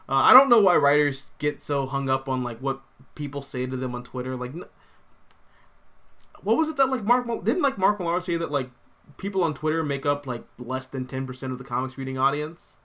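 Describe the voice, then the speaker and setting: A young man hosts a comics livestream in a loose, rambling style, with lots of "like" and "um" and bursts of laughter. His voice is bright and forward. He keeps it casual and animated as he reacts to viewer comments. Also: medium pitch, moderate pace.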